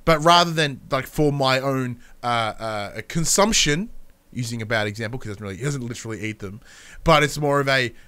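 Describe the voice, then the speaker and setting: A young man co-hosting a casual podcast chat, talking with high energy and enthusiasm. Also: brisk, pushed and bright, clear, resonant tone. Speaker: podcast co-host.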